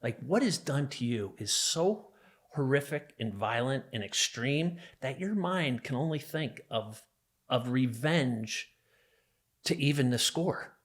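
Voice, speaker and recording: A man's voice: medium pitch, animated, slow pace. A middle-aged man from New Jersey, a podcast guest, telling a personal story in an intense, emphatic way. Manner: intense, emphatic, vivid retelling of a violent memory.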